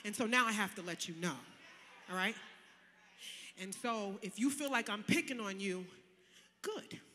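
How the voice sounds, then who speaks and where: A woman pastor preaching a sermon in a casual, colloquial way, swinging from loud shouting to soft, chatty asides. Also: medium pitch, moderate pace, big-room sound, a little hiss or hum. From Connecticut, USA. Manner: casual, colloquial preaching with direct address to the congregation. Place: large church sanctuary.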